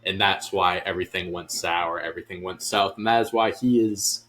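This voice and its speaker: A man's voice: low-pitched, fairly even intonation, moderate pace, a bit bright. A man co-hosting a sports podcast, talking casually and bluntly, often restarting his sentences. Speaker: podcast co-host.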